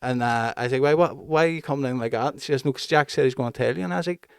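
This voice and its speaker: A man in his thirties chats on a podcast, swearing freely as he tells stories about his kids. His voice sits at an ordinary pitch for a man. The recording is dry and close. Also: rapid-fire, creaky, clear, resonant tone, no room sound. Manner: swears freely, animated storytelling. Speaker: podcast co-host. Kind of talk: casual chat.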